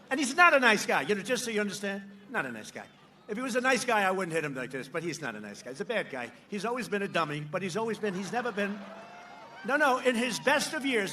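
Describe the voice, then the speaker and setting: A man giving a campaign rally speech at a podium microphone, mocking and repetitive, shouting lines out to the crowd. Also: sits high, slight background noise. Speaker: politician addressing a rally crowd. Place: large outdoor rally.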